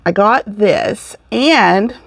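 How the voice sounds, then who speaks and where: A middle-aged woman hosts a crafting podcast, talking through her latest yarn in a chatty, rambling way and often correcting herself. Her voice carries a gravelly edge, and the sound is close and dry. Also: mid-range voice, extremely slow, dry recording. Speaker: podcast host. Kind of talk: casual chat showing crafts.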